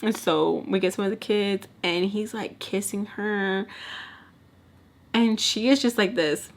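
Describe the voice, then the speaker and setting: A woman vlogger telling a storytime in a casual, animated way, acting out the people in it, swearing freely and dropping in Spanish words. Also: medium pitch, unhurried. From Texas. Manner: animated, swears a lot, acts out voices, mixes in Spanish.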